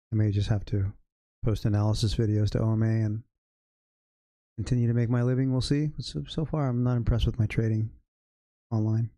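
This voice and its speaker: A man talks casually over a live trading stream in a dark, mellow voice, muttering and cursing at his own mistakes. The sound is dry and close, with no room echo around it. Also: fairly low pitch. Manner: frustrated, swearing, self-critical muttering. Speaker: livestream day trader.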